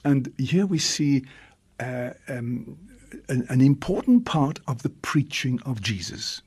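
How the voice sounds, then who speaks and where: A man, a priest, giving a reflective homily with long pauses and drawn-out emphasis. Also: medium pitch, big pitch swings, a little mellow, slightly rough.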